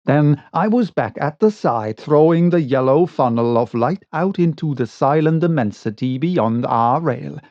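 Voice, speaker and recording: A man reading a spooky short story aloud in a slow, dramatic narration. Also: on the high side, lively intonation, darkish tone, no echo. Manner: slow, dramatic, varied delivery. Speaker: audiobook reader. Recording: dull lo-fi recording.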